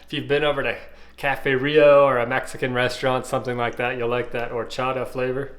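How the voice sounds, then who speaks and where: A man, casually reviewing ice pops and thinking aloud with fillers and pauses. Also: mid-range voice, level tone, a bit bright. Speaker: food reviewer.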